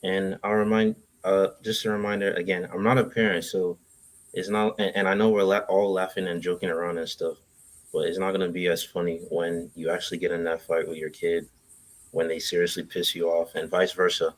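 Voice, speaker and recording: A young man speaks as a guest on a casual talk show, his voice sitting a little low. He gives his advice in a halting, rambling way, restarting his sentences as he thinks. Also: level tone. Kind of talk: casual chat, giving advice.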